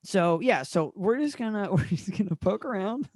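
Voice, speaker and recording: A man's voice: high voice, animated, normal speed, darkish tone. A man co-hosting a podcast in casual chat, loose and jokey, laughing often. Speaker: podcast co-host.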